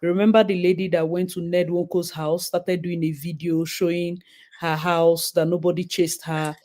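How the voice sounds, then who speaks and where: A woman hosts a live stream in a fairly low voice. She talks casually and breaks into high, excited thanks for her viewers. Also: normal speed.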